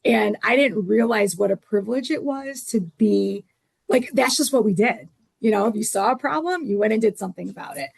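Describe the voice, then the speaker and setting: A woman with a gravelly, raspy voice recounts family history casually at a town hall. The sound is dry and close, with no room echo. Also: on the high side, brisk, darkish tone. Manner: casual, uses filler like "like". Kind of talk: personal storytelling at a town hall.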